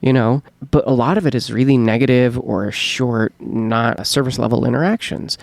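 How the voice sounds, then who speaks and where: A man with a mid-range voice thinks out loud in a relaxed podcast chat. He rambles and reflects, and fills his sentences with "like" and "you know". The recording is close and dry. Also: medium pitch, moderate pace, creaky, dry recording. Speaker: podcast co-host. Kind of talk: casual chat.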